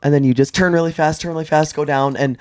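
A man hosting a casual podcast chat, telling stories with animated delivery and frequent laughter. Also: on the high side, fast. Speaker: podcast host.

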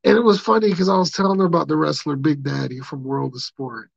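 Male solo podcast host, husky and raspy, casual rambling, dry lo-fi recording. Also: fairly high pitch, steady tone, fast talker, no room sound. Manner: laughing, loose, fillers like "you know what I'm saying".

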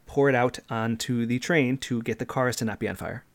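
A man in his thirties, co-hosting a casual gaming podcast and walking through how a game plays, step by step and with animated energy. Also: medium pitch, fairly quick. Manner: animated, explains games step by step. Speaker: podcast co-host.

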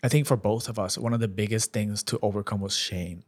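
A man sharing an emotional personal testimony as a podcast guest, speaking earnestly and haltingly with many restarts. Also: fairly low pitch, steady tone.

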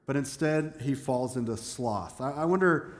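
A man preaching a sermon as pastor, animated, acting out quoted voices and dropping self-deprecating asides. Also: medium pitch, normal speed. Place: church sanctuary. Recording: echoey church hall.

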